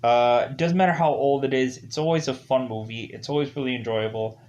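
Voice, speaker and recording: Man, casual movie review, rambling, filler-heavy, mid-pitched voice. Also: fairly quick, darkish tone, dull audio. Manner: rambling, heavy use of "like" and "ultimately".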